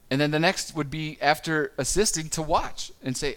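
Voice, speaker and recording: A man giving a sermon on parenting in a relaxed, conversational way, stumbling a little and briefly acting out quotes from parents and children. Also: a little high. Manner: conversational, with small stumbles and quick acted-out quotes. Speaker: pastor.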